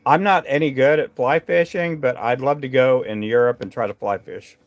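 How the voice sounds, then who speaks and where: A man with a gravelly, creaky voice talks to viewers on his live stream. He rambles from thought to thought with lots of fillers and false starts as he works at his tying bench indoors. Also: mid-range voice, moderate pace. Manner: rambling, chatty, many fillers and restarts. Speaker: livestream host tying fishing jigs.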